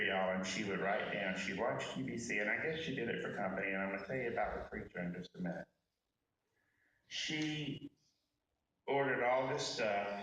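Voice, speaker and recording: A man's voice: medium pitch, fairly bright tone, slight background noise. Folksy man speaking from far off in an echoey room. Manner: folksy and candid, addressing the crowd directly. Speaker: eulogy speaker. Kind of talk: personal eulogy with humorous stories.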